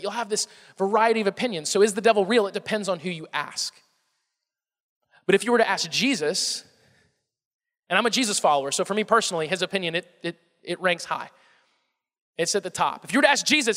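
A man's voice: high-pitched, fast talker, sharp tone, big-room sound. A male pastor with a Southern American accent preaching a conversational sermon, often repeating words and putting questions to the congregation.

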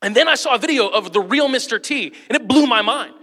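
A man in his forties preaching a sermon to a congregation, lively and joking, often speaking straight to them. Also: very high voice, fast, in a large hall. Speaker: pastor.

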